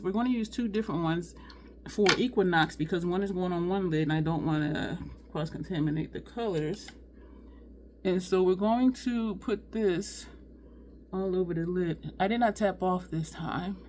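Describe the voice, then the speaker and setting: A woman with a slightly low voice chats her way through a makeup tutorial, sweating and talking to her viewers as "y'all". Faint room noise sits under the recording. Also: moderate pace. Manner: chatty, addresses viewers as y'all. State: sweating, overheated. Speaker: beauty vlogger. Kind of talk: casual makeup tutorial chat.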